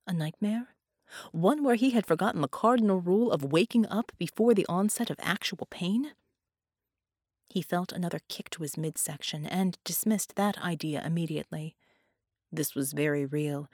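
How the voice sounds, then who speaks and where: A woman narrating dark fiction in a measured, grave storytelling manner. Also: lowish voice, dry recording, clean studio sound. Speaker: audiobook narrator.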